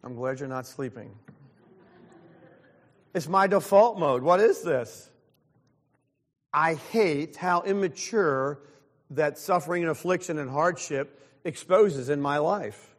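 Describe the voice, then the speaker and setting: A man's voice: on the high side, slow, long pauses, in a large hall. A pastor in his sixties preaching a sermon, earnest and openly self-deprecating. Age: 60s.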